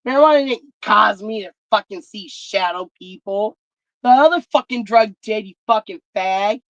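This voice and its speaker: Speaking at normal speed in a mid-range voice, this woman vlogs in a casual rant, swearing bluntly as she tells her stories. There's no echo, and the audio is dry, dull, and lo-fi.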